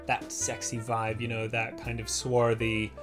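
A Californian man with a General American accent, an actor and voiceover artist talking in a lively, casual way, full of "you know" fillers. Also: medium pitch, measured pace, music in the background. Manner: animated, chatty, many "you know" fillers. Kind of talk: casual podcast chat.

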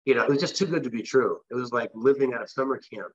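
Speaking at a quick pace, this West Coast American man has a mid-range, slightly rough voice captured in dull audio. As an interview guest, he rambles through a long personal story, restarting often and leaning on filler phrases.

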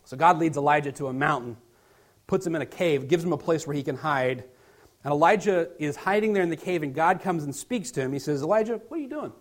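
A male pastor with a slightly high voice preaches a sermon, shifting between loud, emphatic stretches and hushed near-whispers. When he reads scripture, his cadence turns slow and declaiming.

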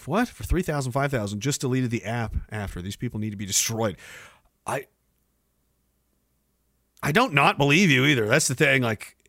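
A man's voice: mid-range voice, animated, moderate pace, long pauses, pushed and bright, dry recording, studio quality. A young man hosting a livestream, ranting casually and sarcastically with lots of swearing while reading viewer chat. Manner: profane, sarcastic, acts out mocking voices.

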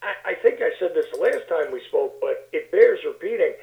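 Brief: wry, gravelly male guest, high voice, on an echoey tinny phone line. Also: sing-song, brisk. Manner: wry, sardonic, repeats words while thinking. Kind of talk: casual political talk. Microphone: phone call.

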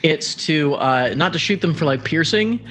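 A man plays a tabletop game, walking through his character's actions with hesitant, thinking-aloud pauses. His voice sits a little high, with faint music in the background. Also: expressive, fairly bright tone. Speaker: player. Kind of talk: casual tabletop play.

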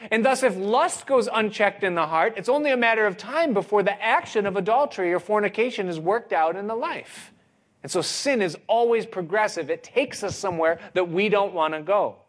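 A man delivers a sermon in a somewhat higher voice. He speaks expressively, pausing for effect and building emphasis. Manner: expressive, dramatic pauses and rising emphasis. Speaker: preacher.

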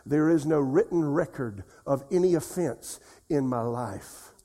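An older man preaching a folksy sermon as pastor, dropping soft and slow to repeat scripture. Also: on the high side.

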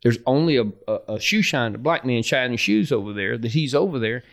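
A middle-aged man, a football coach, telling anecdotes in a podcast interview, folksy and animated, laughing as he goes and acting out the dialogue. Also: medium pitch, fairly quick. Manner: acts out dialogue in his stories.

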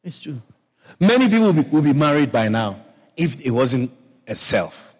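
A man preaching a sermon as a pastor. He talks in a playful, animated way and often repeats words and adds asides. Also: medium pitch, normal speed, slightly rough, big-room sound.

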